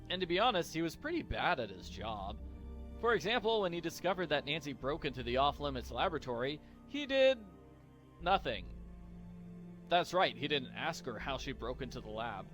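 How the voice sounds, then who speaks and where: A man narrates a comedic parody story, dropping in wry, deadpan asides. His voice is bright and slightly high, and his delivery moves up and down a lot. Soft music plays behind him.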